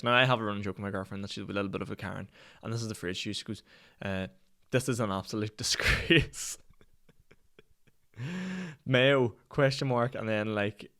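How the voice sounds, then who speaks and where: In his twenties and from Northern Ireland, this podcast host talks alone in a lowish, slightly bright voice. He wanders through stories at his own expense, swearing freely and laughing plenty.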